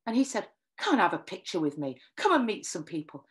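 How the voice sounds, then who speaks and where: A middle-aged woman from Northwest England, a singer telling animated anecdotes and acting out the dialogue. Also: mid-range voice, brisk. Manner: lively storyteller, acts out quoted dialogue. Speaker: singer and writer giving a talk.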